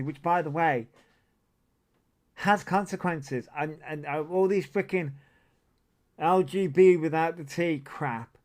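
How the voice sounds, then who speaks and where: A man hosts a casual livestream, his voice sitting a little high. He drifts from one tangent to the next and drops plenty of swear words along the way. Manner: rambling, tangential, swears often. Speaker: livestream host. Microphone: desk mic that picks up a lot.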